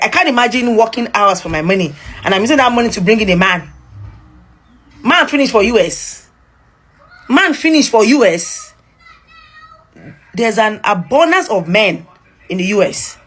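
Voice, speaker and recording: Woman, husky, exasperated social media commentary. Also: mid-range voice, a bit bright. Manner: exasperated, repeats points for emphasis. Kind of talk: casual opinion monologue.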